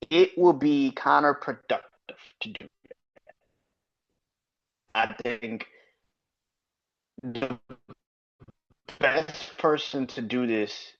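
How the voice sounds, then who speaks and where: A man hosting a podcast, ranting bluntly and profanely about wrestling in casual, opinionated commentary. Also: mid-range voice. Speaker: podcast host. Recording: slightly dull lo-fi audio.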